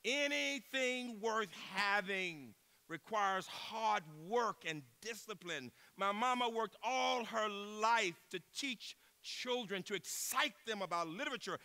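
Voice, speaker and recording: Speaking in a high-pitched voice, this man in his sixties gives an inspiring keynote address as a university president. He tells his stories emphatically, swinging between loud outbursts and quiet, hushed moments.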